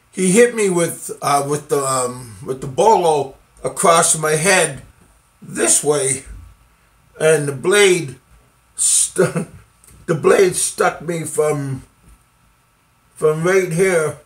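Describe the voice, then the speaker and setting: A middle-aged man from the United States recounts a personal story at a slow, unhurried pace. His voice sits a little high for a man. He stops and restarts often, filling the gaps with ums and uhs. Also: fairly bright tone. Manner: halting, many fillers and restarts, occasional laughs. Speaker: vlogger telling a personal story. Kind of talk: casual first-person storytelling.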